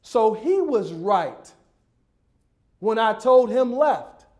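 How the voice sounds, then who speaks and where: A man from Detroit tells funny stories in a speech at a banquet dinner. His voice sits high, and he acts out the voices of the people in his stories. He often climbs into playful shouts. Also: very animated, slow pace. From Detroit, USA. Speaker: motivational speaker. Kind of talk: humorous storytelling speech.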